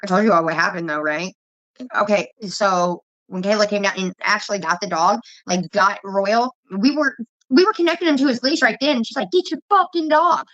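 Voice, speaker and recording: A woman's voice: mid-range voice, fairly quick, fairly bright tone, no echo. A woman vlogger telling heated, profane stories in casual livestream chat, with dull lo-fi audio.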